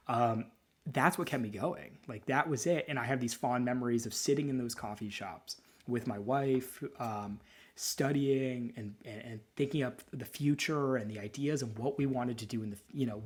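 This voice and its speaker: Husky thirtyish male lawyer, podcast co-host; loose, sentimental, restarts a lot. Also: medium pitch, moderate pace. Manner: rambling, candid and sentimental, with frequent restarts. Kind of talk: casual chat.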